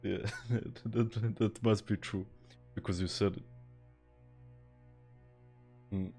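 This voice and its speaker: Deep-voiced Serbian-accented man streaming games. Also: steady tone, takes it slowly, creaky, warm tone, husky, faint music behind. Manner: laid-back, swears, chuckles, answers chat. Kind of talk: casual live-stream chat while gaming.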